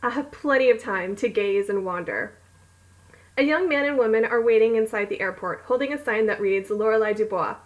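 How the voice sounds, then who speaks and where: At home, a woman reads her own romance novel aloud in a fairly high voice, a little fast, pausing for giggly, rambling asides that mock herself. The read-along is casual and chatty, and the recording quality is low.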